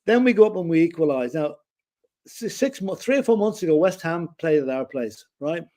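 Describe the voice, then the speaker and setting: A man's voice: a little high, expressive, fairly quick, warm tone. A man co-hosting a casual football chat show, opinionated and rambling, often restarting his sentences. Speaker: football podcast co-host.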